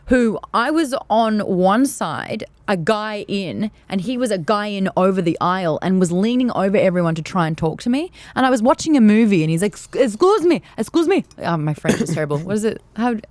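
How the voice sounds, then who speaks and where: Fast-talking young woman, animated storyteller. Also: medium pitch, dry recording. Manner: animated storyteller acting out quotes. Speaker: podcast co-host. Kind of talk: casual chat.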